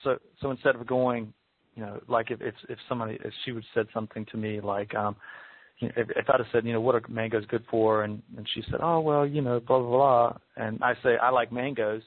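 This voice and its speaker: A man's voice: mid-range voice, flat delivery, quick pace, slightly rough, dry recording. Hesitant man on a dry phone line. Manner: hesitant, repeats words while thinking aloud. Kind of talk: interview conversation.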